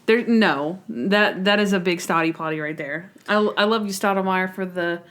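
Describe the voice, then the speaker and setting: A young adult woman co-hosting a podcast in casual chat, animated and full of restarts, often acting out what people said. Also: lowish voice, normal speed. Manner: animated, quotes people in voices, trailing restarts. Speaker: podcast co-host.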